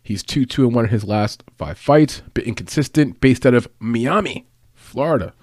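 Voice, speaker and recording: A man's voice: medium pitch, moderate pace, a little mellow, no room sound, studio quality. A man hosting a casual sports breakdown show, chatty and upbeat, laughing at his own asides. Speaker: MMA podcast host.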